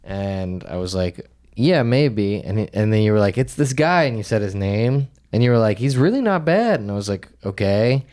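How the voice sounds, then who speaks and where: A man's voice: on the low side, sing-song, normal speed, darkish tone. A man co-hosting a podcast, chatting casually and teasing with dry quips. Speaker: podcast co-host. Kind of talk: casual chat.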